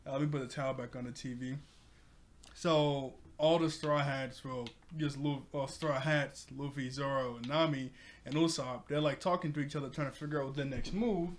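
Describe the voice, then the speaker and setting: A man's voice: mid-range voice, fairly even intonation, normal speed. Chatty man recapping an episode. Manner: chatty, laughing often, rambling with restarts. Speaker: anime review channel host.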